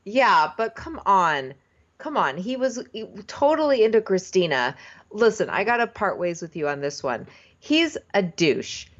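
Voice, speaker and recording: Animated woman with a dull lo-fi sound. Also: mid-range voice, a little slow. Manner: animated, opinionated. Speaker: podcast co-host. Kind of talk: casual chat recapping a reality show.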